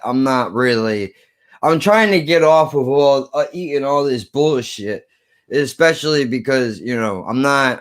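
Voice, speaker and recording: A man in his thirties telling a story as an animated, profane rant to his viewers. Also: medium pitch. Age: 30s. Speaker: vlogger. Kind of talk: ranting storytelling.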